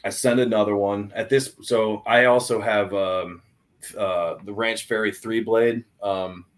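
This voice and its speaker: A young adult man telling a hunting story on a podcast in an excited, animated way, with many restarts. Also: lowish voice, unhurried. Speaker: podcast guest. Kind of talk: casual storytelling.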